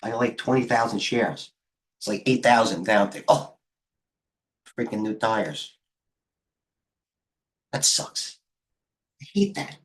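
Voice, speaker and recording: A man's voice: fairly low pitch, normal speed, pauses often. A middle-aged man hosting a live trading stream, talking casually and rambling with jokes and muttered asides. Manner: rambling, joking, self-deprecating, mutters to himself. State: out of breath.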